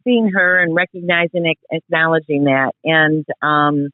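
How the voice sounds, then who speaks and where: A woman's voice: deep voice, steady tone, moderate pace, dry recording. A woman calling in by phone to a podcast, effusive and gushing with praise. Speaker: caller, guest's mother. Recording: dull phone line.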